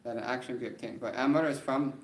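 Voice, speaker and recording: A man teaching an Arabic grammar class, reading the text quickly and then explaining it slowly, often checking in with "right?". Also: mid-range voice, steady tone. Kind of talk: classroom lesson. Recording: roomy classroom with faint background noise.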